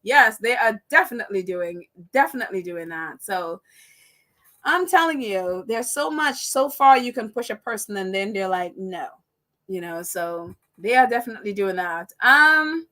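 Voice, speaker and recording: A woman's voice: medium pitch, expressive, moderate pace, bright, forceful tone. A woman with a Caribbean accent hosting a live stream, chatting casually and reading viewer comments aloud with frequent laughter.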